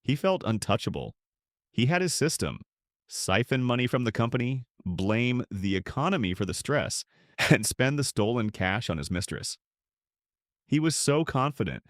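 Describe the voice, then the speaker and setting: A man's voice: on the low side, no echo, clean studio sound. An older man narrating a tense first-person drama in a clipped storytelling voice.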